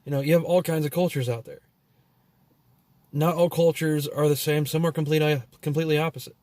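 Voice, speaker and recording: A man's voice: a little high, fairly even intonation, fairly quick, a little mellow, no room sound. A man telling a long story as a vlogger in a casual, profane rant that rambles and is full of "you know" and "like".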